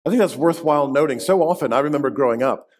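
A man preaching a sermon in a church, emphatic, slowing down and dropping his voice to stress key words. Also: on the high side. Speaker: pastor. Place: church sanctuary.

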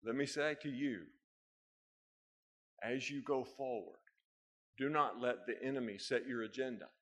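An American man delivering a sermon to a congregation, easy in his storytelling. His voice is mid-pitched and ordinary, and it climbs into loud, high bursts when the story turns funny or urgent. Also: measured pace. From United States. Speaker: preacher. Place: church hall with a live congregation.

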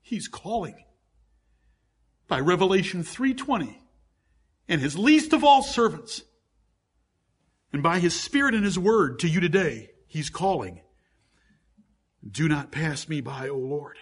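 A middle-aged male pastor delivers a fervent sermon in a husky, slightly raised voice. He presses his listeners hard, building to loud, pleading climaxes. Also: a little high, big pitch swings, unhurried, long pauses.

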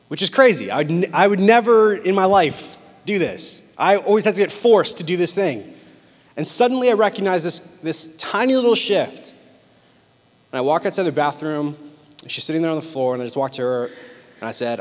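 A young man preaching a sermon, telling personal stories with intense, animated delivery that swings between loud and hushed. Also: fairly high pitch, moderate pace. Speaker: pastor. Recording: long hall reverb.

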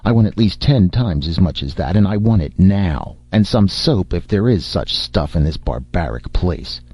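A man's voice: low-pitched, expressive, normal speed, mellow, slightly rough, no echo. A man voicing a brash, commanding male hero who barks orders with sardonic humor, in a storybook reading. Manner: bossy, sardonic, barking orders. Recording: dull, dry lo-fi recording.

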